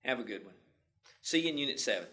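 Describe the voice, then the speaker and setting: A man's voice: mid-range voice, animated, quick pace, background noise. A male instructor telling a story in a folksy, homespun way during a lecture.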